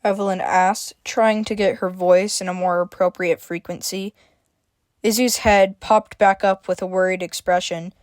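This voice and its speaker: A woman's voice: on the low side, fairly even intonation, moderate pace, a little mellow, dry recording. Woman narrating a story, dry close sound. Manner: reads dialogue with shifting emphasis, stammers for a frightened character.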